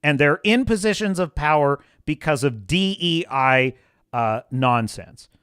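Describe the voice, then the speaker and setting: A man's voice: a little high, animated, a little slow, a bit bright, smooth, dry recording, studio quality. A man hosting a live stream, ranting bluntly and sarcastically. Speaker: livestream host.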